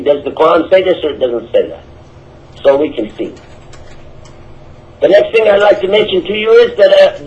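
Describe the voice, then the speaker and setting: Emphatic high-voiced preacher, lo-fi. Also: male voice, slight background noise. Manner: emphatic, repetitive, animated. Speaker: Islamic preacher. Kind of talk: religious talk answering questions. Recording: dull lo-fi audio.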